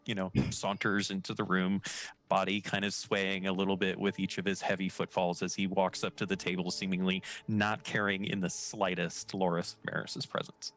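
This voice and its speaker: A man's voice: deep voice, flat delivery, moderate pace, fairly bright tone. A man narrating as game master, casual and hesitant with many fillers.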